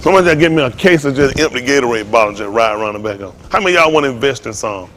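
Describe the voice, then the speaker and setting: A man preaching to a congregation in a joking, storytelling way, laughing and shouting often. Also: medium pitch, expressive, rapid-fire. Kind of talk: comic sermon talk to a congregation.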